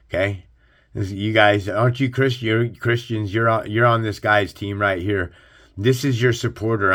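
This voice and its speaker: A man's voice: fairly low pitch, a bit bright. Blunt, profane man preaching casually. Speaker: host of a religious commentary channel. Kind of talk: casual sermon commentary.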